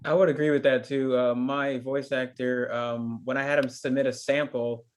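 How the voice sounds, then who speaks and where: A man's voice: mid-range voice, little pitch movement, moderate pace. A man on a video call adding his agreement, casual and filler-heavy. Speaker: course member chiming in. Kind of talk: casual Q&A chat.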